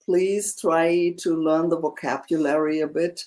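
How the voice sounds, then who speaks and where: A teacher, patiently tutoring one student, slow and full of fillers. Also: medium pitch, steady tone, a little mellow. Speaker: German teacher. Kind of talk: one-on-one language lesson.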